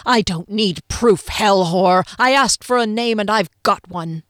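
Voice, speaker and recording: A woman's voice: mid-range voice, unhurried, fairly bright tone, no room sound, studio quality, lightly acted. A woman reading aloud, voicing a huge, vengeful male elf warrior who roars and snarls his lines. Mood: furious. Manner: snarling, roaring.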